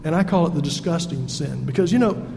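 A man's voice: on the high side, fast, creaky, mellow. A man preaching a sermon in a folksy, humorous and emphatic way, recorded in a church sanctuary. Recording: echoey hall with faint noise.

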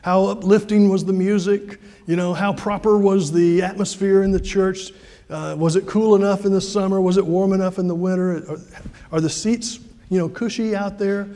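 Male pastor, high mellow voice, chatty sermon in a reverberant church. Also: steady tone, normal speed. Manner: conversational preaching with frequent fillers and restarts.

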